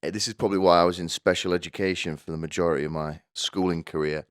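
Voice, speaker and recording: A man's voice: low voice, steady tone, quick pace, clean tone, no room sound, studio quality. A young man hosting a podcast, telling rambling comic stories with stammering restarts and crude offhand jokes. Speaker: podcast host.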